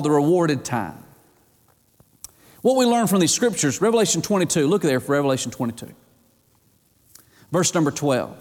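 A man's voice: fairly high pitch, lively intonation, moderate pace, long pauses, darkish tone. Emphatic male preacher in a reverberant hall. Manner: emphatic, rhetorical questions to the congregation. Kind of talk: sermon.

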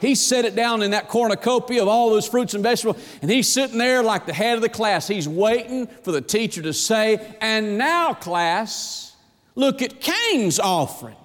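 Man preaching, high voice, emphatic, rhetorical questions, scripture quotes, long hall echo. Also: fairly quick, few pauses. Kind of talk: sermon.

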